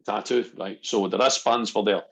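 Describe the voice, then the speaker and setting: A middle-aged man, a guest on a casual podcast, talking as an animated storyteller who acts out what people said. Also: lowish voice, normal speed, husky, rough recording. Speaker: guest, NLP practitioner.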